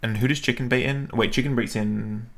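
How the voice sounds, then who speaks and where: A man's voice: mid-range voice, fairly even intonation, brisk, fairly bright tone, a little hiss or hum. A man streaming a video game, thinking aloud and questioning himself as he plans a battle. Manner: musing, self-questioning, hesitant.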